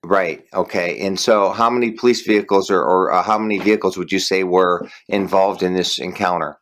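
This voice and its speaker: A man's voice: low voice, fairly quick, fairly bright tone, slight background noise. A man interviewing an eyewitness over the phone, asking careful questions in a hesitant way, with many fillers.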